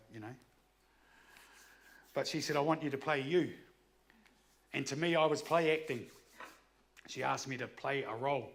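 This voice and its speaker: A man speaks in a gravelly, rough-edged voice as he tells a candid personal story. He is blunt and swears freely. A faint hiss of noise sits behind him. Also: medium pitch, fairly bright tone. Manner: blunt, swears freely, acts out his own past outbursts. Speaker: speaker sharing his story.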